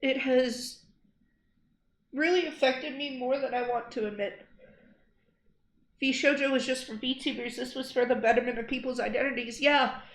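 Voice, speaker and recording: A young woman streaming, speaking earnestly and angrily, shaken after crying, halting and repeating herself. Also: high voice, fairly even intonation. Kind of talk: emotional livestream address. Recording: roomy echo.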